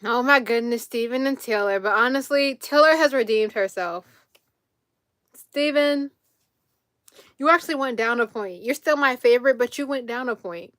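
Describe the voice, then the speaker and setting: A woman's voice: fairly high pitch, moderate pace, fairly bright tone, no room sound. A young woman hosting a watch party, chatting casually and emotionally as she reacts to a show and talks back at the characters.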